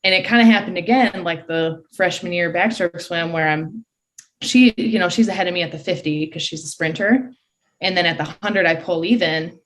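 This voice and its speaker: A woman in her early twenties from Michigan, a guest excitedly retelling a race in a casual voice full of "like" fillers. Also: lowish voice, normal speed. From Michigan, USA. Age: early 20s. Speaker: podcast guest, college swimmer. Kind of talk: casual storytelling.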